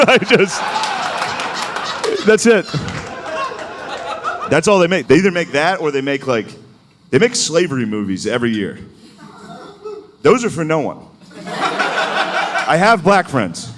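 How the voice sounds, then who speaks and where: A man's voice: on the high side, sing-song, measured pace, long pauses. A male stand-up comedian doing a loose, conversational set on stage. He often laughs at his own jokes. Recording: noisy live comedy show.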